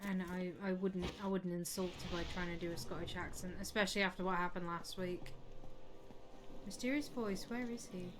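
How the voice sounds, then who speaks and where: A woman streaming a game live, chatting away excitably and swearing now and then. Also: medium pitch, a little fast, background noise. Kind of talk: live gameplay commentary.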